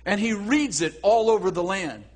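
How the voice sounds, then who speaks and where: Guy preaching, husky and kinda high, jumps into voices, stumbles and restarts a lot. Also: normal speed. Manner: animated, acts out voices, self-correcting. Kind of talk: sermon.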